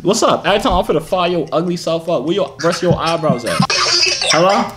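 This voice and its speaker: A man's voice: fairly high pitch, lively intonation, brisk, over loud music. A man hosting random video chats, teasing and joking with the strangers he meets. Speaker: video chat host. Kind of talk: casual video chat banter. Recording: noisy video chat audio.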